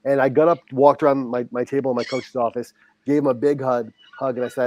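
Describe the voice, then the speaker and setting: A middle-aged man, a high school football coach, telling a heartfelt story as a podcast guest and acting out the dialogue. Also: fairly even intonation, fast talker, a little mellow, a little hiss or hum. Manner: earnest, heartfelt, reenacts dialogue.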